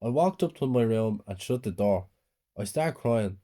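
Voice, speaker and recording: Calm guy telling a creepy bedtime horror story, warm mellow voice. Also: lowish voice, normal speed. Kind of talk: scripted horror story narration.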